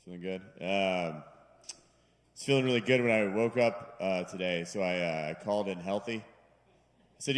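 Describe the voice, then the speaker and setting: Low-pitched and pausing often, a comedian talks at a normal pace through a rambling, self-mocking set in a bar. He does voices for his bits, and the live room adds a long reverb.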